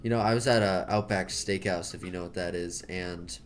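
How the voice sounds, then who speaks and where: A man's voice: sits low, steady tone, fairly quick. A man with an American accent chatting casually while he draws, rambling, jokey and correcting himself. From United States. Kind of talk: casual chat while drawing.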